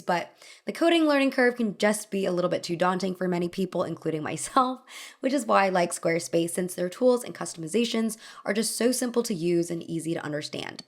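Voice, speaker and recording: A young woman hosting a scripted video essay, with a wry, conversational delivery and asides that make her laugh. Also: medium pitch.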